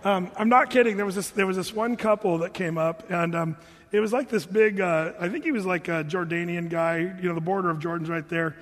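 A man preaching, telling stories in a chatty, animated way and laughing along with them. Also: high voice, fairly quick. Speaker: pastor. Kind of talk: sermon storytelling. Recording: long hall reverb.

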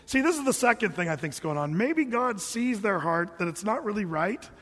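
A man preaching a sermon as a pastor, conversational and lively, slipping into the voices of people he quotes. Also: high voice, normal speed, husky, in a large hall.

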